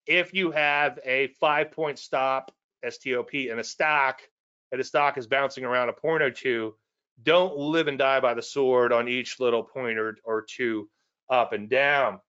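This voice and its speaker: A man's voice: medium pitch, pushed and bright, highs cut off. A man with a Cajun Louisiana accent giving a casual trading presentation, repetitive and folksy with self-deprecating asides.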